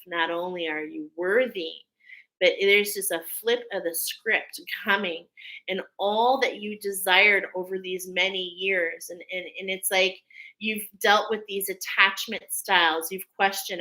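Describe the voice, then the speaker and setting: A woman's voice: lowish voice, fairly even intonation, measured pace, sharp tone, rough recording. A woman in her thirties hosting a spiritual oracle reading, speaking in an affirming, casual way and often checking in with "okay?". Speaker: spiritual channel host, oracle reader. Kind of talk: casual spiritual guidance talk.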